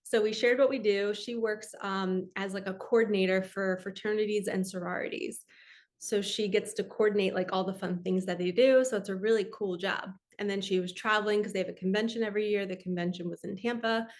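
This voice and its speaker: A woman's voice: mid-range voice, steady tone, fairly quick. A woman hosting a spiritual talk, telling a personal story in an earnest, heartfelt, chatty way. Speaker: spiritual podcast host.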